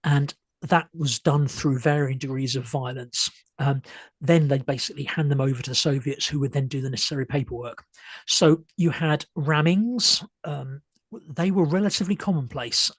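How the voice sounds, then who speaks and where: A man with a husky, slightly higher-pitched voice walks an audience through pictures in a hesitant, stop-start way, full of ums and restarts. He is losing his voice a little, and the sound is dry and close. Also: dry recording. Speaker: speaker giving a talk. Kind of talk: illustrated history talk.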